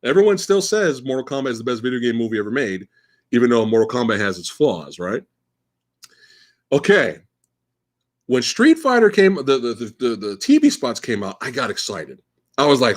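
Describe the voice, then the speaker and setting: A man in his forties hosts a live question-and-answer stream in loose, casual chat. His middle-pitched voice swings widely up and down as he gets animated. He swears freely and often stammers through restarts before landing his point. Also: normal speed. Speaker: livestream host.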